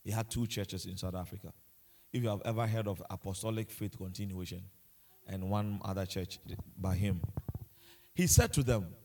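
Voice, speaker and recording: A man's voice: sits low, moderate pace, warm tone. A man preaching a sermon with passion, repeating himself and asking the congregation rhetorical questions. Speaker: pastor.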